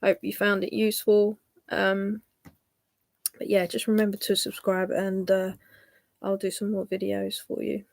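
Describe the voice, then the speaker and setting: Halting woman, flat voice. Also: medium pitch, vocal fry, no echo. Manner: halting, frequent ums. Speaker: livestreamer. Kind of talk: casual personal storytelling.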